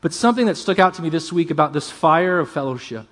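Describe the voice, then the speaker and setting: A pastor preaching a sermon, earnest and emphatic, often dropping to a hush. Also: male voice, a little high, animated, fast.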